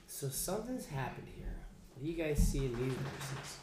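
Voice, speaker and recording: This man's medium-pitched voice has a sing-song lilt and a moderate pace as he chats casually through an informal Bible study, often starting his sentences over. Faint background noise and echo fill the room.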